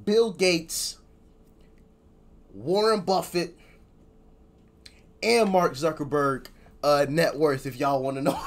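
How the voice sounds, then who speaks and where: A man's voice: a little high, takes it slowly, pauses often. A man hosting a reaction video, talking casually in a joking, slangy way.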